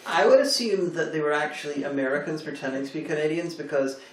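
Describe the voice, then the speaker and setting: A man's voice: a little high, animated, quick pace. Hesitant man chatting in a roomy space. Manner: hesitant, many fillers. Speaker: guest film reviewer. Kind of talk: casual chat. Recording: roomy, distant mic.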